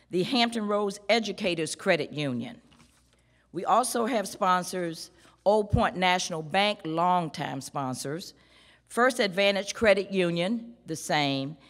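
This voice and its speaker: A woman from a school board giving a measured, emphatic formal speech at a ceremony. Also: lowish voice. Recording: reverberant hall.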